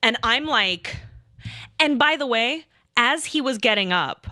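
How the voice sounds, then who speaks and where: A woman in her thirties telling a rambling, animated story in casual chat, swearing often and acting out what people said. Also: medium pitch, fairly quick, dry recording, studio quality. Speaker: storyteller recounting a game night.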